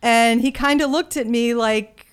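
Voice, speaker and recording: A woman guest recounts her stories in a casual interview, acting out what people said. Her voice sits a little high and sounds smooth and clear. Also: unhurried. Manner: animated storyteller, acts out quotes. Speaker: guest, author.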